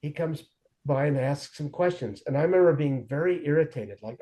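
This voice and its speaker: Man with a mellow voice recounting his past. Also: fairly high pitch, fairly quick. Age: 40s. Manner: earnest, animated retelling with quoted dialogue. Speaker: guest sharing his recovery story. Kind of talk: conversational storytelling.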